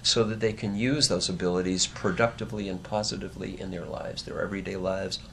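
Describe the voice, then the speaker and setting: A man with a lowish, gravelly voice hosts an interview and draws out a long, rambling question with pauses and fillers. Faint noise hums behind him. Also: fairly even intonation, fairly bright tone. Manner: long winding questions with hesitations.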